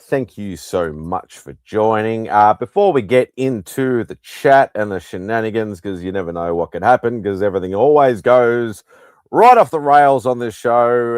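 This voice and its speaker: A man hosting a live pop-culture hangout stream, greeting viewers by name in a relaxed, chuckling way. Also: lowish voice, dry recording, studio quality. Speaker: host. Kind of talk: casual live-stream chat.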